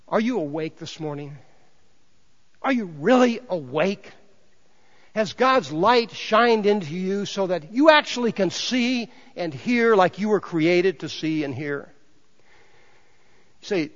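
A man preaching a sermon as pastor, telling the story and moving between hushed and emphatic delivery. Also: high voice, expressive, a little slow. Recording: dull sound in a large hall with long reverb.

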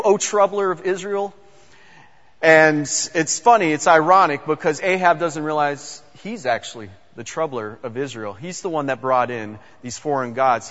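A man's voice: fairly high pitch, a bit bright. Man retelling a Bible story in a hall. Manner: conversational, repeats words, uses fillers. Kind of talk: casual Bible storytelling sermon. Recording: dull sound with long hall reverb.

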